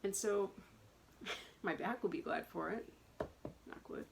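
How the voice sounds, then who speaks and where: A woman's voice: mid-range voice, slow pace, vocal fry. A middle-aged woman talking casually and at length in a personal vlog, rambling and chatty. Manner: chatty, rambling, self-described talker. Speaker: vlogger. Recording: faint background noise.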